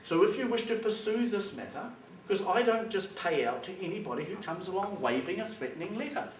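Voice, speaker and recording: With a high, animated, brisk voice, a New Zealand man gives a public talk to a school hall audience, emphatic and plain-spoken, acting out phone calls. The audio echoes, was recorded from a distance, and has background noise.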